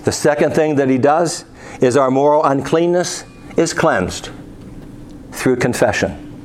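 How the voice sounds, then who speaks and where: A man's voice: mid-range voice, unhurried, slight background noise. A man preaching a sermon, reading scripture aloud and asking his listeners rhetorical questions.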